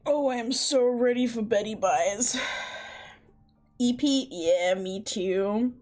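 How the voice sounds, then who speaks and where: A woman's voice: a little high, takes it slowly, a little mellow. A woman livestreamer chatting casually, incredulous and chatty, swearing often. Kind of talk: casual stream chat.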